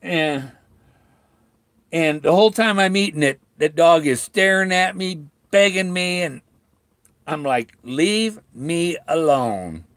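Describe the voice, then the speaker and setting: A middle-aged man chatting on a home livestream, halting and full of restarts, talking with a sore mouth after tooth extractions. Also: high-pitched, fairly bright tone, dry recording. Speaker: vlogger talking to live viewers. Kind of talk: rambling casual livestream chat. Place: at home, indoors.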